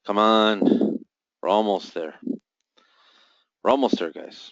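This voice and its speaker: Low-voiced man taunting the market live. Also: slow, pauses often, fairly bright tone, no echo. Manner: mutters and taunts the market, reading off buy and sell volumes. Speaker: forex trader hosting a live forecasting room. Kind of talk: live trading commentary. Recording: dull, dry lo-fi sound.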